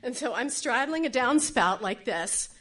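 A woman's voice: a little high, expressive, measured pace, a bit bright. A middle-aged woman tells a true personal story on stage, self-deprecating and acting out the voices of others.

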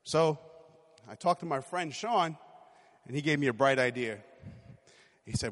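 Man, 40s, lively storyteller who acts out quotes; slightly raised pitch, long hall reverb. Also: unhurried, pauses often. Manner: lively, animated retelling with acted-out quotes. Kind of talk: personal storytelling.

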